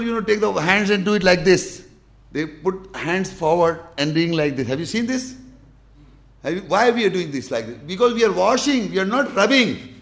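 A man teaches a religious lesson, walking listeners through each step and showing them as he goes. His voice sits high and has a gravelly edge with some fry. He stresses his points and repeats the key instructions. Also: a bit bright. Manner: emphatic, repetitive, demonstrates with gestures. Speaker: Islamic teacher. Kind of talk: explanatory religious lesson with demonstration.

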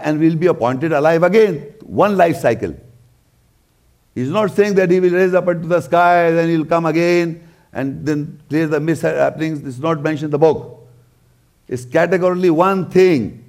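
This religious lecturer speaks on the high side at a moderate pace, with a darkish tone. In his scripture commentary he goes verse by verse, repeating the main points for emphasis.

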